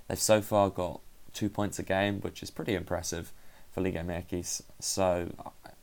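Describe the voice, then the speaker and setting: A man with a lowish, gravelly, slightly mellow voice hosts a solo football podcast. He talks casually and analytically in a conversational way, often pausing to correct himself.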